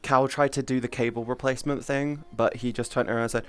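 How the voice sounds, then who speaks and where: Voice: mid-range voice, steady tone, fast, a bit bright, clean tone. A streamer in casual livestream chat, talking animatedly, swearing freely and often restarting sentences.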